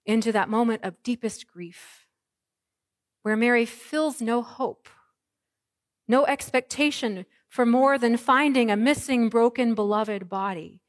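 A woman pastor preaching an Easter sermon, moving from hushed, soft lines to ringing proclamations. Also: a little high, measured pace, dry recording, clean studio sound.

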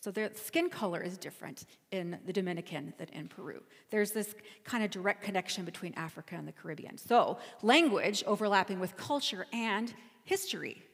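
A woman's voice: medium pitch, lively intonation, a little fast, gravelly, husky, long reverb tail. A woman pastor giving a sermon, telling a travel story in a conversational, storytelling way. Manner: storytelling, conversational, self-correcting.

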